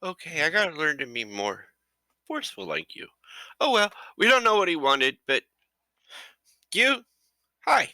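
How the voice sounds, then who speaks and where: A tabletop player on a live stream, chatty and casual, with a very bright, sharp voice that swings up and down a lot. The sound is close and dry. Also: mid-range voice, big pitch swings, unhurried, vocal fry, pauses often, dry recording.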